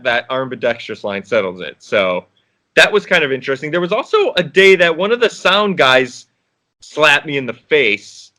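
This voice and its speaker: A man's voice: fairly high pitch, sharp tone. A man, an actor guest, chatting casually in an interview, rambling with restarts and frequent laughs.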